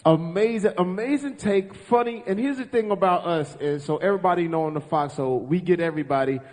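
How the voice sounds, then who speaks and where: A man with a high, brisk voice hosts a live talk show on a ballroom stage before an audience. He speaks earnestly but rambles, with plenty of filler "uhs," and the room is echoey with long reverb.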